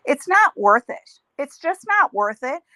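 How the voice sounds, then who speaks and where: A middle-aged woman talks casually on her livestream, rambling from one thought to the next and reading out viewers' comments as she goes. Her voice is bright and a little high for a woman. The sound is dry and close, with almost no room around it. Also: big pitch swings, unhurried, no echo. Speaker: livestream host.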